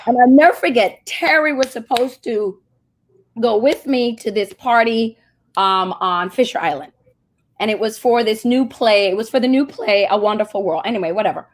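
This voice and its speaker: A woman with a voice on the high side speaks a little fast. As the CEO of a marketing agency and a guest in a casual interview, she tells a story animatedly, putting on the voices she quotes.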